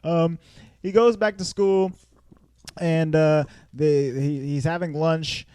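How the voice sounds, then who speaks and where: A man's voice: a little high, fairly even intonation, slow, a little mellow, clear, resonant tone, no echo. A man hosting a casual movie review podcast, laughing often and acting out characters in goofy voices. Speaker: podcast host.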